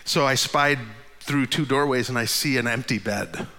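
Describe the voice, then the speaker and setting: A man in his fifties telling a funny personal story, his voice leaping up at the punchlines and sinking low and quiet for the tired asides. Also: normal speed, big-room sound. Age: 50s. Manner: animated, jumps high in pitch at the funny parts.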